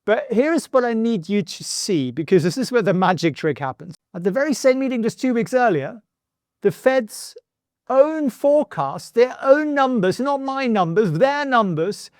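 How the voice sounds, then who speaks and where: A man with a high, light voice hosts a finance explainer. He speaks to the viewer directly and persuasively, keeping it brisk with quick asides. The sound is dry and close. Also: expressive, darkish tone, no room sound. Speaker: finance educator and channel host.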